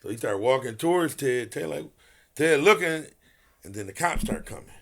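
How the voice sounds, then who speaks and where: A man who is a retired boxer, guesting on a podcast and telling a story in an animated, profane way while acting out the quotes. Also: medium pitch, moderate pace, gravelly.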